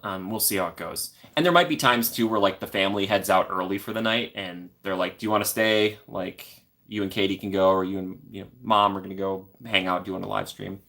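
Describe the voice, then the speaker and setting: A man's voice: low voice, brisk, vocal fry, sharp tone. A young man hosting a casual live stream from the corner of his apartment, chatting in a friendly, rambling way and reading out viewer comments.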